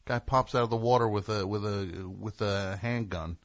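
A man's voice: on the low side, moderate pace, few pauses, no echo. A man from New Jersey hosting a call-in radio talk show, riffing in a sarcastic, ranting comic way.

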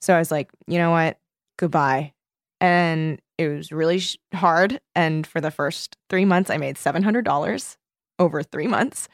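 A young woman co-hosting a podcast, telling a story in casual chat, animated and swearing freely. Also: sits low, normal speed, dry recording, clean studio sound. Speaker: podcast co-host.

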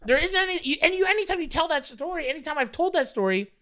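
A man telling a story as a guest in casual conversation, animated and profane, with lots of "like" fillers. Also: extremely high pitch, quick pace.

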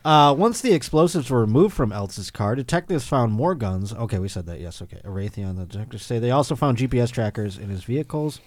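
A man's voice: mid-range voice, big pitch swings, fairly quick, few pauses, no room sound, studio quality. A man hosting a casual comedy podcast, reading news items aloud and laughing often between them. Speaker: podcast host.

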